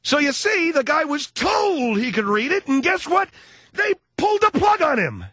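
A man playing a loud, bigoted male talk radio commentator who shouts and blusters at callers. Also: extremely high pitch, very animated, moderate pace, no echo, heavily acted. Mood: ranting. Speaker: radio show host. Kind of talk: comedic talk radio character.

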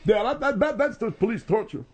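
A man's voice: high-pitched, animated, brisk, slightly rough, pitched above the performer's own voice. A man voicing a goofy studio sidekick who stammers and rambles. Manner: stammering, rambling, half-shouted.

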